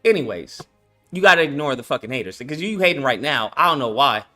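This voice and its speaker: A young man chatting casually on a stream about his game project, slangy and animated, with lots of swearing and fillers. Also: mid-range voice, fast talker, soft background music. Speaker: game developer and channel host. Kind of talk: casual livestream chat.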